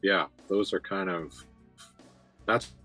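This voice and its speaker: A man with a very deep, husky voice talks through a film in an unhurried way. He is measured and thoughtful, pausing on fillers as he works out his points. Faint music runs beneath him. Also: fairly bright tone, low-quality recording. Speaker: podcast co-host. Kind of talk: casual film discussion.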